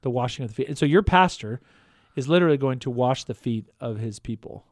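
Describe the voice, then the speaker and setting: A man's voice: medium pitch, lively intonation, fast, dry recording. A man who is a parish priest, casually and enthusiastically explaining church rituals to listeners. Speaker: pastor.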